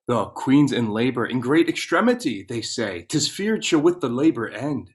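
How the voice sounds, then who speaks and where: A man playing an animated courtly servant. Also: mid-range voice, moderate pace, natural voice. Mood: earnest. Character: courtly royal servant, earnest. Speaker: stage actor. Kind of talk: Shakespearean stage acting.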